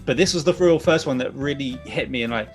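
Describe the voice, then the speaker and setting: A man's voice: medium pitch, quick pace, music in the background. Rambling man chatting. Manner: rambling, emotional, laughs often. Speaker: panelist. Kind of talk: casual chat.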